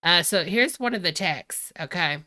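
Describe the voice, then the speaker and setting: A woman's voice: on the low side, lively intonation, moderate pace, bright, forceful tone. A woman hosting a reaction video, talking in a gossipy, chatty way and exclaiming over the news. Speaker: host.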